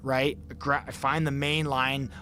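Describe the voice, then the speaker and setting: A man's voice: medium pitch, level tone, measured pace, sharp tone, faint music behind. A man telling a story as a podcast guest, casually and vividly, acting out his own thoughts and swearing freely.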